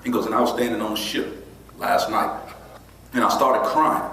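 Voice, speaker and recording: A man's voice: medium pitch, brisk. Man, motivational speaker, storytelling, echoey hall, distant mic, faint room noise. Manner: animated, breaks into laughter, imitates friends with quieter voice. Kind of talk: storytelling keynote speech. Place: large hall before an audience.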